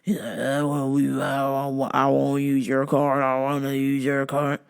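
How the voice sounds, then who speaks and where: A woman's voice: extremely low pitch, completely flat delivery, gravelly, clean tone, voice pushed down, heavily acted. A woman putting on a mumbling scruffy man. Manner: mumbling, halting apologies. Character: rambling scruffy male store customer.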